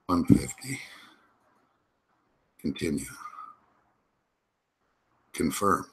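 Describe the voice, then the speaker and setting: A man's voice: sits low, very animated, extremely slow. A man hosting a sports betting show, talking to himself with profanity and rambling agitation as he places live bets. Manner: talks to himself while placing bets.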